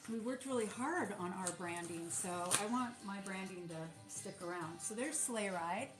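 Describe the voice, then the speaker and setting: A woman's voice: medium pitch, normal speed. Chatty woman in a roomy space. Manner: chatty, rambling, many fillers and restarts. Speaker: small soap business owner. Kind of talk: casual livestream chat while packing orders. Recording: roomy sound with music behind.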